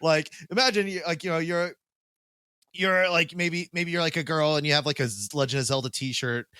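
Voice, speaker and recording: A man's voice: a little high, fairly even intonation, moderate pace, bright, forceful tone, clear, resonant tone, dry recording. A man co-hosting a podcast in casual chat, rambling with lots of fillers, swearing loosely and laughing often. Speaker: podcast co-host.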